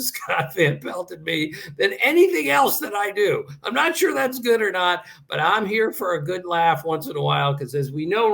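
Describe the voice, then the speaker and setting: Older man from Maryland, guest analyst, fairly high voice, tells anecdotes with lively energy, casual interview talk. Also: creaky. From Maryland area. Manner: animated anecdotes, quoting people.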